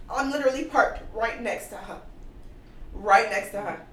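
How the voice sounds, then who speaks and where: A woman in her thirties telling a personal story in casual podcast chat, animated and full of cursing. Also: medium pitch, moderate pace, echoey room, far from the mic, slight background noise. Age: 30s. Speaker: podcast guest.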